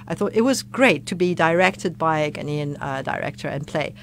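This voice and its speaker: A middle-aged woman with a French accent who speaks English as a second language, telling stories in a relaxed, reflective interview with a lot of hesitant restarts. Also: deep voice, fairly quick, few pauses, slight background noise. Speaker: guest, former ambassador. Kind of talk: casual interview chat.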